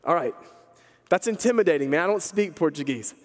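A man's voice: on the high side, animated, brisk. A man preaching a sermon as pastor, telling a story in a conversational, emphatic way. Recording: long hall reverb.

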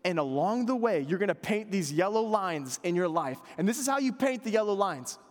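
Male preacher, thirties, animated conversational sermon, lively pitch, reverberant hall. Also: brisk. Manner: animated, conversational preaching with quiet earnest asides. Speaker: pastor.

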